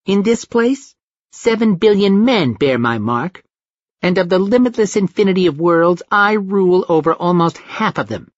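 Guy doing a high toddler-voiced alien monster, crude and bragging, dull dry audio. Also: animated, moderate pace, dry recording. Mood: grandiose. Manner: taunting, crude, grandiose.

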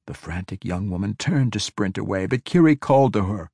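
Low-voiced male fantasy audiobook narrator. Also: lively intonation, darkish tone, breathy edge, no room sound, studio quality. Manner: measured, dramatic storytelling.

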